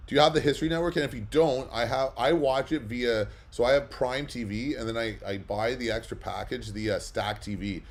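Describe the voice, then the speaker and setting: A man hosting a live comic book auction, chatting casually and rambling with lots of fillers between bids. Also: medium pitch. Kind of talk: casual livestream chat.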